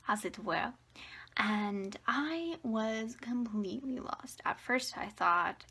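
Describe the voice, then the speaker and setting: A woman in her twenties vlogging casually at home, rambling and hesitant, slipping into a breathy half-whisper and a little out of breath. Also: medium pitch, slow, sharp tone. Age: 20s. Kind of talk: casual personal vlog. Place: at home near the fridge, indoors.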